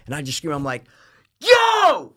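A man telling a story in casual chat, profane and animated, loudly acting out what people said. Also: medium pitch, fairly quick, dry recording, clean studio sound. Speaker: podcast co-host telling a story.

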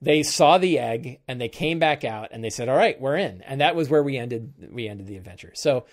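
Man, middle-aged, game master, live-stream chat, rambling, self-correcting, mid-pitched voice. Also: animated, moderate pace. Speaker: game master and show host. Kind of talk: live-streamed casual talk on game prep.

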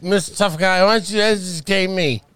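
A man's voice: sits high, normal speed, a bit bright, smooth, no echo. A man co-hosting a comedy podcast, playing a blustery, impatient judge in a bit. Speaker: podcast co-host. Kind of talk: comedic improv chat.

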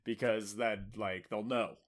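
A man's voice: on the low side, fairly even intonation, a little slow. A man co-hosting a podcast in casual chat, joking and rambling with lots of fillers. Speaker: podcast co-host.

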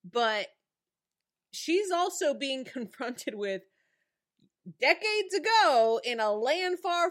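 A woman's voice: high-pitched, fairly bright tone. A woman co-hosting a casual recap podcast, making wry asides and laughing often. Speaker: podcast co-host.

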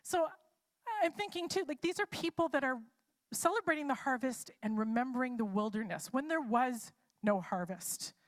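A woman's voice: high-pitched, animated, normal speed. A woman preacher giving a live sermon in a casual, chatty way, posing many rhetorical what-if questions.

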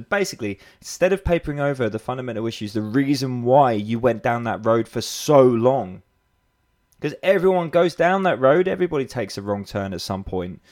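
British male coach, blunt and sweary, rambling pep talk, mid-pitched voice. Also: darkish tone. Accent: British English. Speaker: fitness coach. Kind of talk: motivational monologue.

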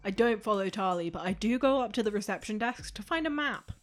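A woman's voice: mid-range voice, lively intonation, a little fast, soft background music. A woman playing a tabletop game, talking in a chatty, rambling way with many "like"s and "um"s. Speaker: player.

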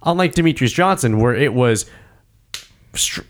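A man's voice: medium pitch, normal speed. A man hosting a casual chat about fighting, talking animatedly and acting out scenes. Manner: animated, acts out scenes with voices. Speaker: podcast host.

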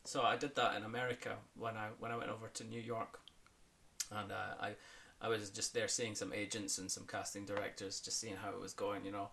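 Bright-voiced Scottish-raised man, chatty. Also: fairly low pitch, flat delivery, brisk, vocal fry. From Scotland. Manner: chatty, laughs often, many fillers and restarts. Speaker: accent coach. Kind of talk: podcast interview.

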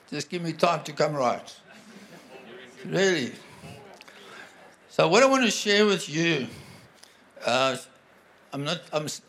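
Man, sermon, earnest, conversational, halting restarts, light pitch. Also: a bit bright. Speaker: guest preacher.

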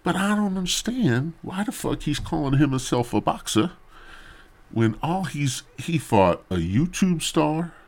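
A man's voice: on the high side, very animated, unhurried, a little mellow. A man hosting a podcast who rambles through a crude, mock-serious comedic story on a podcast mic. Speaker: podcast host. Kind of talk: profane comedic rant.

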